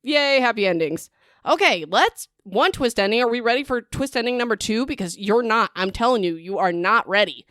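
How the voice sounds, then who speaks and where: A woman's voice: on the high side, normal speed, no room sound, clean studio sound. Chatty young woman recapping a book. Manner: chatty, lots of "like" and "whatever", excitable asides. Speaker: book podcast host.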